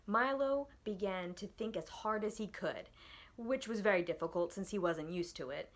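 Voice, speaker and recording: A woman librarian reading a children's book aloud with gentle, expressive storytelling and then asking the young listeners questions. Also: medium pitch, moderate pace. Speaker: library book club reader.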